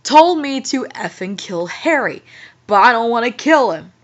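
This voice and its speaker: A woman's voice: on the high side, very animated, a little slow. A woman reading the lines of an angry gothic teenage girl witch from a story, close to her own voice. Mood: sulky anger. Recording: muffled lo-fi audio.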